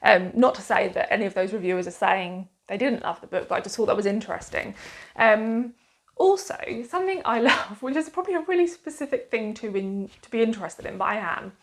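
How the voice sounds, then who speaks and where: A woman's voice: mid-range voice, normal speed. A woman with a Suffolk accent talking casually to camera as a book reviewer, chatty and enthusiastic, with lots of fillers and restarts.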